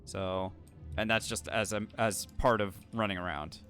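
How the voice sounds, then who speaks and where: A man's voice: on the low side, moderate pace, a bit bright, faint music behind. A man streaming a video game live, talking through his moves and thanking viewers in a chatty, rambling way. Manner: chatty, thanks viewers, frequent fillers and restarts. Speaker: streamer playing a challenge run. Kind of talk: live gameplay commentary.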